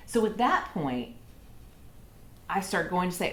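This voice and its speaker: A woman telling her personal story in an interview, halting and jumping between thoughts. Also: medium pitch.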